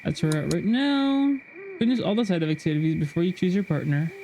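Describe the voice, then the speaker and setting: A man's voice: high-pitched, fast talker, gravelly, dark tone, slight background noise. A man streaming a game, chatting casually and reading a game guide aloud with frequent restarts. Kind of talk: casual gameplay stream chat.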